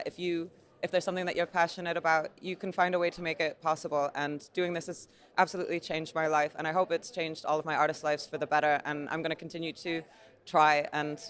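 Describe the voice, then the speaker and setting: Smooth-voiced American woman, earnest and chatty. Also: low voice, a bit bright. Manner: earnest, many fillers, laughs easily. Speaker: gallery owner and curator, guest. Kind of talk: casual interview chat. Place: busy indoor art fair room.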